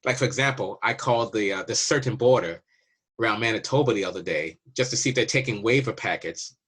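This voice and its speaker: A man's voice: lowish voice, fast, fairly bright tone, breathy edge. A man from Canada talking casually to viewers, telling a border story and acting out the dialogue as he goes. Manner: chatty, acts out border dialogues. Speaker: waiver service representative.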